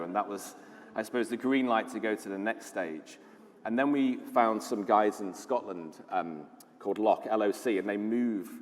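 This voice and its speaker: Low-voiced british guy giving a conference talk, chatty and keen, reverb from the hall. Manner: enthusiastic storytelling, conversational with fillers. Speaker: conference speaker, lead designer.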